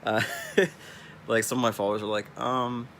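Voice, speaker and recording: Gravelly-voiced Californian guy rambling. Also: mid-range voice, little pitch movement, moderate pace, fairly bright tone, a little hiss or hum. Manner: rambling, laid-back, chuckling. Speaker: streamer. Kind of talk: casual vlog monologue.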